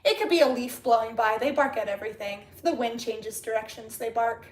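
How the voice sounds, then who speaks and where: A woman hosting a casual live stream from home, chatty and excitable, her voice rising and getting louder when she gets worked up. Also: fairly high pitch, a little fast. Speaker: livestream host chatting with viewers. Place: at home with barking dogs. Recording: echoey room.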